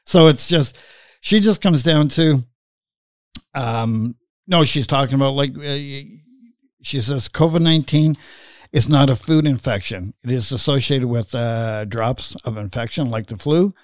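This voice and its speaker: A man's voice: medium pitch, measured pace, no echo. Chatty man, dry sound. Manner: rambling, filler-heavy, laughs while telling stories. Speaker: podcast host. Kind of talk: casual chat.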